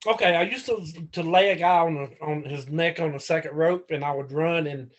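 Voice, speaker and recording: Male guest, rough-talking raconteur, animated retelling, somewhat high pitch. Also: fairly quick, highs cut off. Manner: profane, animated storyteller acting out quotes. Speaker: guest, former pro wrestler. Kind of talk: casual storytelling.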